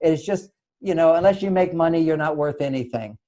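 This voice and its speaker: A man's voice: a little high, brisk. An older man, a relationship author, telling stories animatedly in an interview and acting out both sides of the conversations. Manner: lively, acts out both sides of conversations, laughs often.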